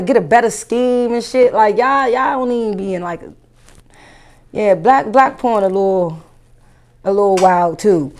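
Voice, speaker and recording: A woman comedian doing a profane stand-up rant, animated and incredulous. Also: on the high side.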